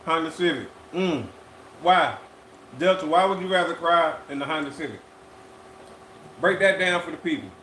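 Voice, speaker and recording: A man's voice: a little high, fairly bright tone, a little hiss or hum. Laid-back man in an echoey room. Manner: laid-back, drawn-out, repeats phrases. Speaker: podcast co-host. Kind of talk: casual live-stream chat. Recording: echoey room with faint ambience.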